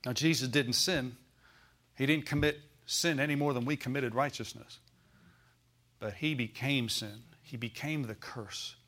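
A man preaching a sermon to his congregation in an easy, folksy way. His voice sits in a middle pitch, and he asks for amens and has the room repeat lines back to him. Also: unhurried, fairly bright tone. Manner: preaching with call-and-response, folksy phrasing. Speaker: pastor.

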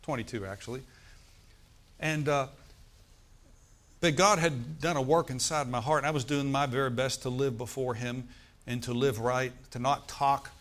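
A man's voice: mid-range voice, steady tone, moderate pace, long pauses, a bit bright. A middle-aged male preacher, telling a story and calling out to the congregation in a sermon. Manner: storytelling, asks the congregation for responses.

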